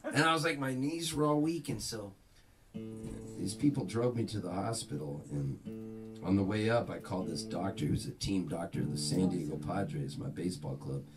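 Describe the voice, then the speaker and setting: A man's voice: sits low, normal speed, recorded from a distance, over music. A man telling comic stories to a small audience at a private house party, acting out the people in his tales. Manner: animated, acts out the voices in his stories. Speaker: singer-songwriter performing a house concert. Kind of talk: live comic storytelling between songs.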